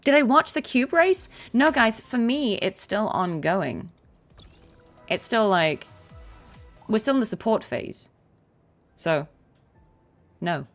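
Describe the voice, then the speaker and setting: A voice actress chatting casually on a game stream and answering viewer questions. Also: female voice, on the high side, expressive, takes it slowly, pauses often, soft background music. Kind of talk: casual livestream chat.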